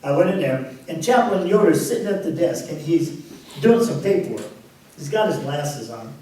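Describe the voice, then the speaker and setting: A man's voice: on the high side, animated, moderate pace, mellow. A pastor telling his personal testimony, a man recounting the story with laughs between phrases. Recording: very echoey, distant microphone.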